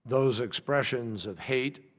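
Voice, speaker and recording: A man, a government official, giving formal testimony at a hearing, measured and pausing often to restart his thoughts. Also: medium pitch. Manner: measured, with frequent hesitations and restarts. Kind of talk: formal testimony answering questions. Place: large hearing room. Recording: long reverb from a large hall.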